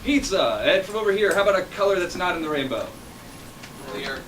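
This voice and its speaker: A man's voice: high-pitched, expressive, fairly quick, fairly bright tone. A man refereeing and hosting a live improv comedy show, playful and upbeat as he coaxes the crowd. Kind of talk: addressing a live audience. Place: theater stage. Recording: distant, noisy live room.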